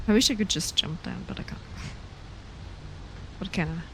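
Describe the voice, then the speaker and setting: A young woman streaming a horror game, reacting out loud, swearing often and dropping to whispers. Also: fairly low pitch, wildly swooping pitch, normal speed, gravelly, a little hiss or hum. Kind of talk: live game commentary.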